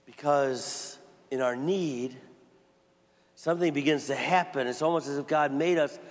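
A priest delivers his homily in a fairly high voice, telling stories casually and slipping into little acted quotes. His voice rings out with a long reverb, as in a large church. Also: a little slow. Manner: conversational storytelling with acted quotes. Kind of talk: sermon.

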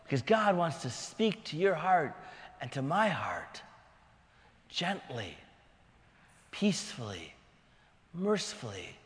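A man preaching in a church, his voice pitched high for a man, with the sound ringing in a long hall reverb. He preaches dramatically, swinging from raised shouts down to hushed whispers. His manner is conversational but theatrical. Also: very animated, slow pace, long pauses. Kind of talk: sermon.

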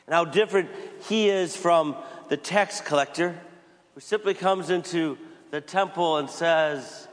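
A priest delivers his homily in a fairly high voice, telling stories casually and slipping into little acted quotes. His voice rings out with a long reverb, as in a large church. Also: measured pace. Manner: conversational storytelling with acted quotes. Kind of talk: sermon.

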